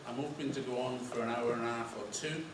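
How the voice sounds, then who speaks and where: A man introducing himself as a welfare director and opening an informal presentation, relaxed and hesitant. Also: mid-range voice, fast. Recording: roomy hall from far off, noisy.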